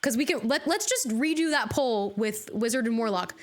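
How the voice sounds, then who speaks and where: A woman streaming a video game live, chatting casually with her viewers, bubbly and quick to laugh. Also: a little high, expressive. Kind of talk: casual live-stream chat while gaming.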